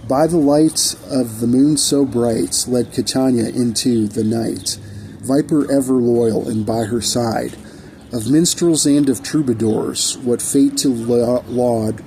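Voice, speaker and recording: Reciting rhyming poems he wrote himself, a man speaks in a steady, medium-pitched voice that is dark and mellow, using a measured, old-fashioned style and sometimes restarting lines. Under the rough recording lie faint noise and traffic going by.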